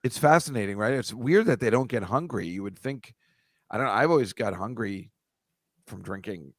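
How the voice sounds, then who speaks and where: A man's voice: on the low side, expressive, moderate pace, no echo. A man co-hosting a podcast in casual chat, rambling and musing aloud and laughing easily. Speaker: podcast co-host.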